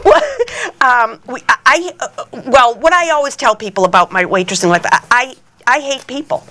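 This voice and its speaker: A middle-aged Boston woman with a bright, forceful, rather high voice, spinning brash stories as a comedy guest. She laughs through her lines and speaks freely in a loose podcast chat. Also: animated, normal speed.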